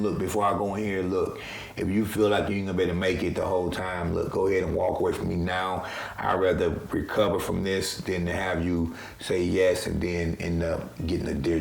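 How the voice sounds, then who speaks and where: A man with a low, gravelly voice recounts his own story in a casual, heartfelt testimony. His delivery is earnest and conversational. The room around him rings with a noticeable echo. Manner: earnest, conversational, emotional retelling. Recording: roomy echo.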